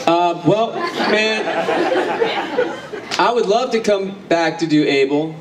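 A voice actor guest answers fan questions on a convention panel, his high-sitting voice slow-paced and picked up by a distant mic over a noisy crowd in a large hall. The casual Q&A is profane and joking, with him laughing often and swearing freely as he tells stories.

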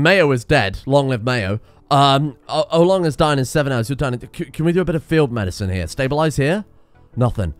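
A young man giving casual, excitable let's-play commentary, swearing and laughing at in-game disasters. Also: medium pitch, smooth, dry recording. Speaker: gaming video host.

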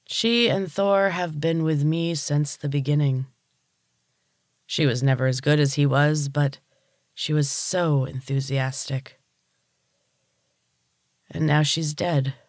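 A storybook narrator voicing a cruel man who runs a gym, speaking slowly and menacingly. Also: mid-range voice, steady tone, no room sound, clean studio sound, natural voice. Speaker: villain. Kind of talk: audiobook character reading.

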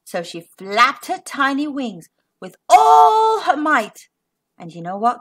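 Animated high-voiced woman storyteller. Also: slow pace, husky. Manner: animated, exaggerated sing-song storytelling to kids. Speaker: children's storyteller host. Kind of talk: read-aloud picture book narration.

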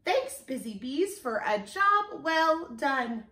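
A woman's voice: sits high, big pitch swings, slow, sharp tone, roomy sound, heavily acted. A woman voicing a pleased farmer in a children's storybook, thanking the bees for their honey. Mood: grateful.

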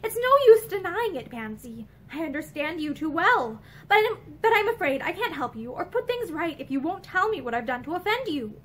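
A quiet, determined young man who keeps pressing for answers, read by a woman. The voice sits high and swings widely in pitch. This is storybook reading, not a heavy character voice. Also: big pitch swings, moderate pace, hardly any pauses, a little hiss or hum, full character voice. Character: earnest young Englishman, persistent and probing.

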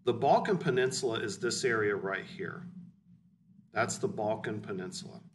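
A man's voice: lowish voice, moderate pace. A male history teacher giving a casual, blunt, conversational lecture in a classroom. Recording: distant mic with faint hiss.

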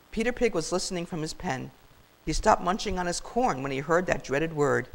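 An older woman reads a children's story aloud in a warm, expressive, grandmotherly manner. Her voice has a gravelly texture, and her pitch rises and falls in lively sweeps. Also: a little fast, poor audio.

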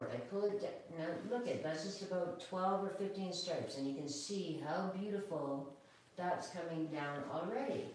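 A woman's voice: fairly low pitch, far from the mic, slight background noise. Woman groomer in an echoey room. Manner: chatty and calm, talks to the dog. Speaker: dog groomer. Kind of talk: live grooming demonstration. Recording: echoey room, away from the mic.

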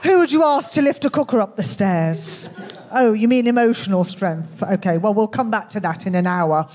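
A woman with a Birmingham accent delivers a stand-up set in a dry, deadpan, self-mocking way. Her voice sits at a middling pitch. The live club recording carries a clear layer of noise underneath. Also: normal speed. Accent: Birmingham English. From England. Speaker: comedian. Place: comedy club with live audience.

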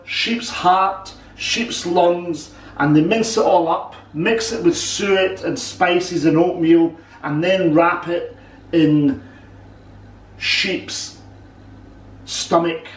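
A man explaining food and customs in a casual cooking chat, halting and restarting as he goes. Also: high-pitched, fairly even intonation, far from the mic. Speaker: cook and co-host. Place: home kitchen. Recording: roomy kitchen sound from off-mic.

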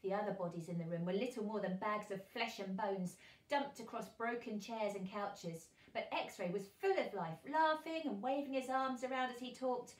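A woman teacher reading a children's novel aloud, with lively, expressive delivery. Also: medium pitch, normal speed, reverberant. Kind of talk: storybook read-aloud for children.

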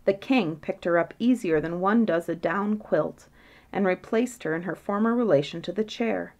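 A woman narrating a bedtime fairytale in a measured, gentle reading voice. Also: fairly low pitch. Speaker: storyteller.

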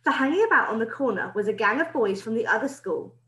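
A woman teacher reads a children's book aloud in an expressive storytelling manner. Her voice is fairly high and lively. The recording has a roomy echo. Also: fast. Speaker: primary school teacher.

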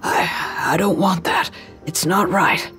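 A woman voicing an unstable, tormented man holding a knife, who talks breathlessly and stutters, veering between whispers and howled shouts, in an audio drama. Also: fairly low pitch, steady tone, slow, faint music behind.

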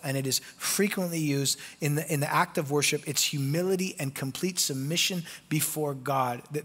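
Guy pastor preaching, goes loud and pleading then real quiet, husky voice, echoey church. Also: on the high side. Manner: passionate, swings from loud pleading to hushed; acts out quoted voices in conversational asides. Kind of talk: sermon. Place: church sanctuary.

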